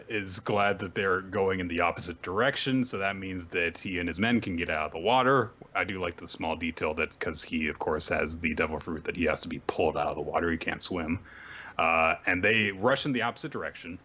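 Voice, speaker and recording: A man hosting a podcast, casually recapping comics with animated storytelling. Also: deep voice, moderate pace, muffled recording, a little hiss or hum. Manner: animated storytelling, often acting out quotes. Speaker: podcast host.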